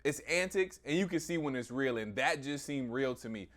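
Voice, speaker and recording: A man's voice: medium pitch, animated, moderate pace, fairly bright tone. A man, a sports radio personality, debating sports media in a confident, emphatic, point-by-point way.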